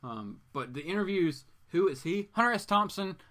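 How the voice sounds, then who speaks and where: A man with a bright, forceful voice hosting a live comics stream in a loose, rambling way. He sits a little higher in pitch than most men and keeps chatting back to the people watching. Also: expressive, normal speed. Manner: rambling and chatty, answers viewer comments. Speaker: comics show host. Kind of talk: casual live-stream chat.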